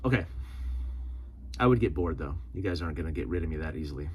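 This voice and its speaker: A man's voice: a bass voice, a little hiss or hum. A man hosting a vlog and reacting to viewer comments in a casual, rambling way, often correcting himself mid-sentence and laughing. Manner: excitable, quick shifts in loudness. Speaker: prepping channel host.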